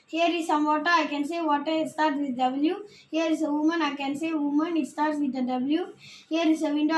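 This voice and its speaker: A woman teaching phonics and reading a children's book aloud, slowly and carefully, word by word. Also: high voice, a little hiss or hum. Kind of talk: slow phonics lesson and read-aloud. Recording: echoey room.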